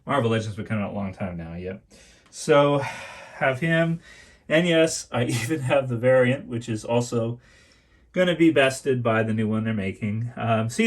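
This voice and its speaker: A man's voice: mid-range voice, unhurried. A man chatting casually as he shows off his toy collection, rambling and restarting phrases and calling his viewers "dudes". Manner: repeats and restarts phrases often. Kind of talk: casual collection tour vlog.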